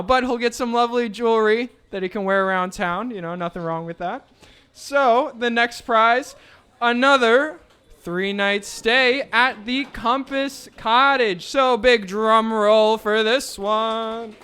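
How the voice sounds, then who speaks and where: Emceeing a raffle at a live fundraiser, a man jokes and banters playfully with the crowd while announcing the winners. His voice sits high and moves slowly, sounding pushed, bright and smooth. The setting is an indoor event venue with a live audience.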